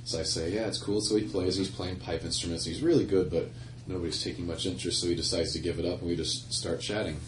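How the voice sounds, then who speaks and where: A man's voice: sits low, fairly even intonation, fast, a little hiss or hum. A male singer-songwriter telling a rambling anecdote between songs, with laughs and self-corrections, in front of a live audience. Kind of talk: stage banter and storytelling. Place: live music venue with audience. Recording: echoey live room from far off.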